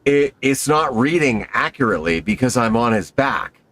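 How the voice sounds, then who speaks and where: A man telling a skydiving story in an excitable, profane, casual way, acting out quotes. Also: medium pitch, normal speed, a little hiss or hum.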